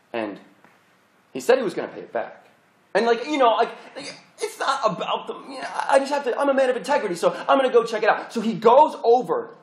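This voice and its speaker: A young adult man preaching a storytelling sermon in an animated, chatty way, full of restarts. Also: on the high side. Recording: roomy hall echo.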